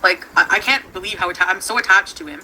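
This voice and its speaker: A young woman, chatting on a home livestream in a rambling way with many fillers and quick laughs. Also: medium pitch. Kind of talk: casual livestream chat. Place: at home with her pets. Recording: noisy home stream recording.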